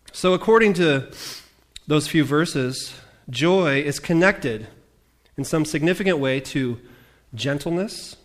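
Animated male pastor preaching. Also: on the high side, slow pace, long pauses. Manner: animated, jokey asides, mimics voices. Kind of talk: sermon.

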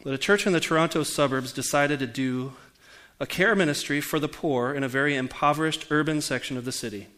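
A man's voice: a little high, fairly quick, fairly bright tone. A man in his forties, a pastor preaching a conversational sermon and putting questions to the congregation. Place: church.

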